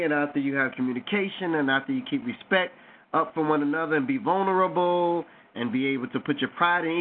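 A man hosts a call-in radio talk show, his voice a little higher than most men's. He moves from taking callers to a drawn-out, preachy closing speech, stressing each point. It all comes through a tinny phone line with faint background hiss.

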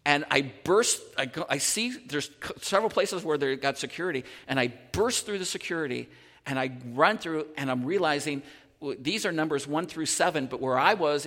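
A male pastor preaches, breaking into animated, tumbling storytelling full of restarts and repeated words. His voice sits a touch higher than most men's. It rings out with a long reverb in a big church hall. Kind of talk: sermon with personal story. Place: church sanctuary.

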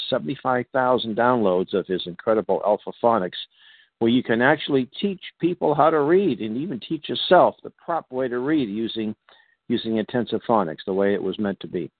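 Speaking at a normal speed in a mid-range voice, a Boston-born radio show host wanders through announcements during an interview, stumbling over fillers and restarting often. The audio is dry and phone-like, with no echo.

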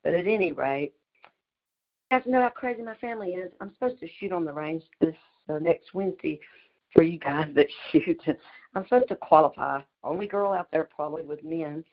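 A low-voiced middle-aged woman with a drawl tells a story at a quick, chatty clip, breaking into laughs between phrases. Her voice comes over a muffled, lo-fi call line. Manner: fast-talking, chatty, laughs mid-sentence. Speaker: community call participant. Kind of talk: casual storytelling on a group call. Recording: dull lo-fi call audio.

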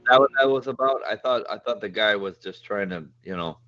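A man in casual chat who talks haltingly, with many fillers and restarts. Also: fairly low pitch, pushed and bright, lo-fi sound, soft background music.

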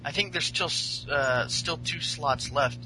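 A man's voice: on the high side, unhurried, background noise. A man co-hosting a casual chat, talking with amused, laughing asides. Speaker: podcast co-host.

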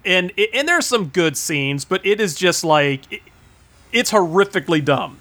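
A man hosting a podcast, chatting casually about a movie, animated and mocking, acting out lines from it. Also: moderate pace. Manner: animated, mocking, acts out quotes in a high voice. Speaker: podcast host.

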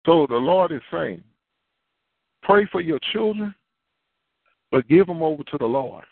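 A man preaching a sermon as a pastor, animated and acting out little dialogues, with repeated words. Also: a little high, unhurried, creaky, dry recording. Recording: tinny phone-like line.

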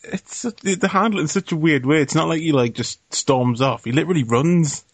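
A man co-hosting a casual film review podcast, animated and mocking, swearing freely. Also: on the high side, brisk, husky, no echo. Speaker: podcast co-host.

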